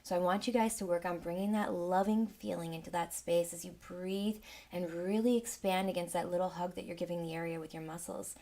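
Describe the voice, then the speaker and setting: A woman leading a guided sound healing meditation with gentle, soothing, unhurried guidance. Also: lowish voice, steady tone. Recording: roomy with a long reverb tail.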